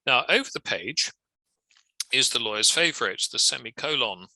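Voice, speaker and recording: Gravelly, bright-toned male trainer. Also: medium pitch, animated, normal speed, no room sound, rough recording. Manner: chatty, conversational asides. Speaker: legal writing trainer. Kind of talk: instructional lecture.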